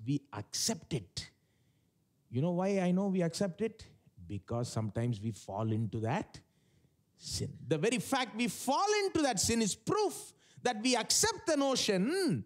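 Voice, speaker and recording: A man preaching a sermon to a live church congregation, emphatic, putting rhetorical questions to the listeners and acting out quoted voices. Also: sits high. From India. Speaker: pastor. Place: large church service.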